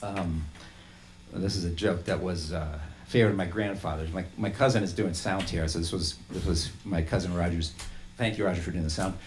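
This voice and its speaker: A man's voice: low voice, fairly even intonation, a little fast. A man, a musician, rambling and laughing as he tells a story between songs at a small intimate live show.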